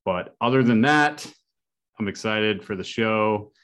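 A man hosting a podcast, chatting casually and telling jokes in an upbeat, energetic way. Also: on the low side, a little slow. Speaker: podcast host. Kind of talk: casual chat.

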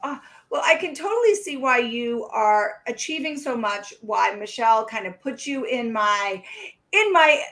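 A woman with a fairly high voice hosts a relaxed podcast conversation. She talks in an encouraging, reflective way, often restarting her sentences mid-thought. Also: a little slow. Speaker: podcast host. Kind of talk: casual interview chat.

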